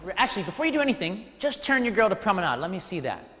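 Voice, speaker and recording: Lively male dance teacher counting steps. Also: high voice, rapid-fire, in a large hall. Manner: energetic, counts steps aloud, playful asides. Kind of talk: teaching a ballroom dance class. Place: dance studio hall.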